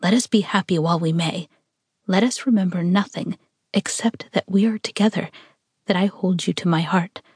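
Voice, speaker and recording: A woman's voice: fairly low pitch, normal speed, a little mellow, husky, no room sound, clean studio sound. A woman reading aloud voices a devoted, tormented young man who speaks in earnest murmurs, sometimes half-whispered. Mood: tender.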